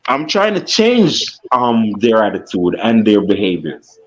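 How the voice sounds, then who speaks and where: A man's voice: lowish voice, huge pitch swings, a little slow, lo-fi sound, a little hiss or hum. Argumentative Jamaican man, talks over others. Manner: interrupts, rising and insistent, Jamaican patois phrases. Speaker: guest in a heated panel debate. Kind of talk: heated argument.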